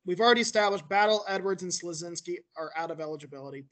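A man's voice: sits high, fast talker, fairly bright tone. A man guesting on a casual sports podcast, matter-of-fact as he reads through stats and roster lists.

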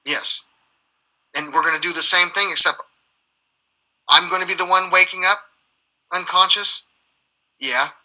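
Husky, bright-voiced man telling stories. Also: high voice, unhurried, long pauses, poor audio. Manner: profane, heated, acts out dialogue. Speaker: guest, military veteran. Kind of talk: rambling storytelling in conversation.

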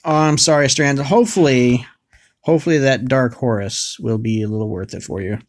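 A man's voice: mid-range voice, fairly quick. Jokey man cheering on game draws. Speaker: co-host summoning for a viewer. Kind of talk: casual chat while playing a mobile game.

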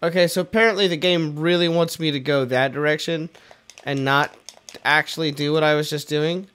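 A man's voice: fairly high pitch, fairly even intonation, moderate pace, fairly bright tone, clean tone. A young man hosting a let's play, rambling jokily and self-deprecatingly as he plays. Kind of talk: casual gameplay commentary.

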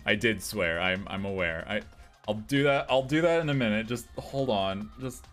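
A man streaming a game, swearing often, laughing and reacting loudly to what happens on screen. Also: on the low side, animated, moderate pace, over music. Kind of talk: casual gameplay streaming.

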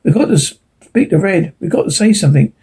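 Brief: a nervous, stubborn boy who pleads and insists, voiced by a man reading aloud, slightly raised pitch, husky. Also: lively intonation, fairly quick, darkish tone, exaggerated voice. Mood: urgent.

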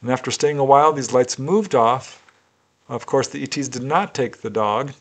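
A man narrating a case in a measured, deliberate way, as a storytelling researcher. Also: mid-range voice.

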